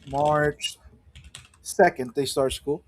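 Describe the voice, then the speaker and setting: A man's voice: a little high, fairly even intonation, slow, a little hiss or hum. A man co-hosting a casual gaming podcast, talking in a loose, rambling way with plenty of swearing. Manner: loose and profane, rambling asides. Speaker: podcast co-host. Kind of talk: casual livestream chat.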